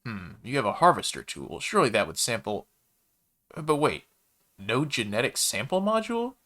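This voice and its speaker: A man's voice: mid-range voice, big pitch swings, normal speed, pushed and bright, pitched above the performer's own voice. A man voicing a chatty, easygoing male alien baker in a sci-fi story, with a laid-back, folksy manner. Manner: laid-back, folksy, calls the listener kid.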